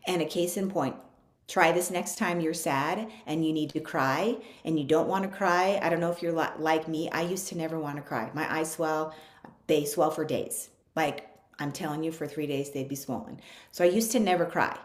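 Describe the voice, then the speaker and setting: Woman coach, lowish voice, earnest and chatty, echoey room. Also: moderate pace. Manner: earnest, conversational, acts out listeners' objections. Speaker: speaker on a coaching call. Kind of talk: motivational talk.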